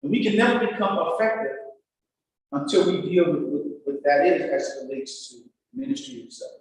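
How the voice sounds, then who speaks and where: A man's voice: sits high, animated, fairly quick, far from the mic, a little hiss or hum. A male pastor teaching in an emphatic, repetitive, folksy preaching manner. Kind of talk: sermon-style teaching talk. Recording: very echoey church hall, heard from afar.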